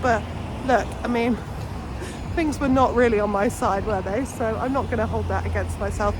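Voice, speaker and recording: A woman, chatting casually to camera on a busy high street in a bubbly, chatty way. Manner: chatty, bubbly, self-reassuring. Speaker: vlogger. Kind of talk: casual vlog talk to camera. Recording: outdoor street with crowd and traffic noise.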